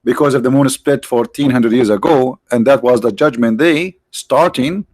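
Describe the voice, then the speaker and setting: A man's voice: mid-range voice, normal speed, darkish tone, no echo. A man hosting a livestream, giving mocking, sarcastic religious debate commentary in broken English. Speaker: livestream host.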